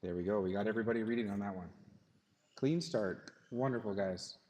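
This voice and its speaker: A man runs a live radio-controlled car race over the loudspeaker, chatting and politely apologizing to the drivers. His voice rings out with long reverb through a large indoor hall. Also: fairly low pitch, brisk. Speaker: race director and announcer. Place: indoor RC race track in a hobby shop.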